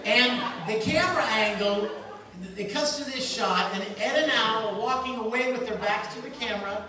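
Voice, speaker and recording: A man's voice: very high voice, moderate pace. A man on a convention panel, playfully telling a story to the crowd and acting out lines in voices. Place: large convention hall. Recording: echoey hall, distant mic, noisy.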